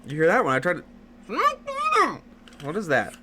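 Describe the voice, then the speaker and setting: A young man streaming live late at night, teasing his chat and jumping from low mumbles to sudden yells. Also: moderate pace, background noise. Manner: excitable, teasing, jumps from mumbling to yelling.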